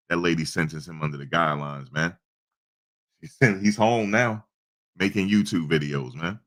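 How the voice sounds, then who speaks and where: On a casual livestream, a man tells a story, repeating himself conversationally and adding preachy remarks. His voice sits low and moves at a normal speed with a slightly bright quality. He's a YouTube livestream host.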